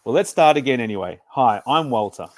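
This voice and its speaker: A man voicing an excitable, earnest young boy in a storybook reading. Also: medium pitch, a little fast, natural voice. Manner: eager, excitable.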